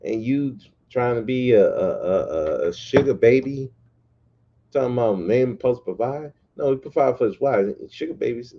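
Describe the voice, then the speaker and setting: A man's voice: medium pitch, animated, normal speed, pauses often, muffled recording. A man hosting a podcast livestream, ranting bluntly and profanely in a casual, repetitive way. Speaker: podcast host.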